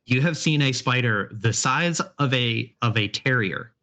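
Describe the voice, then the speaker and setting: A man's voice: medium pitch, a little slow. Man narrating as game master. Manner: relaxed, descriptive, with fillers. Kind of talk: narrating a tabletop horror game.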